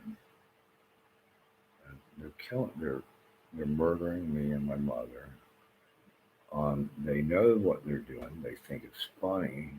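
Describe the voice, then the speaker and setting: Man, very low voice, agitated and rambling, swears a lot, faint hiss behind. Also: low-quality recording. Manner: restless, repeats himself, swears often. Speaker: vlogger. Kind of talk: rambling agitated monologue to camera.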